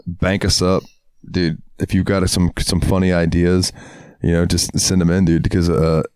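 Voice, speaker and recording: Man, very low voice, relaxed podcast chat, laughs a lot, close and dry. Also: moderate pace, smooth, dry recording. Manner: laid-back, laughs often, says dude a lot. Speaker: podcast co-host. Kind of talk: casual chat.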